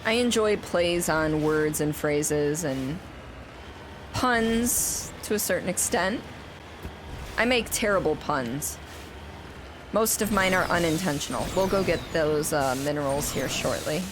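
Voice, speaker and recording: A woman streams a game and chats casually with viewers, reading chat aloud and rambling with frequent restarts. Her voice is low-pitched and slow, with background noise present.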